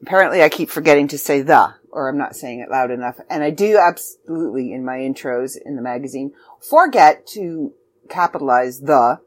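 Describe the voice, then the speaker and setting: A woman's voice: a bass voice, expressive, brisk. A middle-aged woman from Canada, a magazine editor talking casually and promoting a writing contest with chatty, self-deprecating asides. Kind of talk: casual video announcement.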